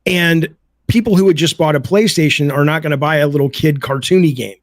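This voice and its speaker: A man's voice: fairly high pitch, a little fast, no echo. Blunt, emphatic middle-aged man. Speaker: podcast guest, game developer. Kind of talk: casual podcast chat.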